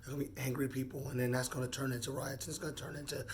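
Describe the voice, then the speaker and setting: A man in his forties speaking off the cuff in a personal monologue, earnest and halting, often repeating words as he gathers his thoughts. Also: mid-range voice, flat delivery, slight background noise. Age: 40s. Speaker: vlogger.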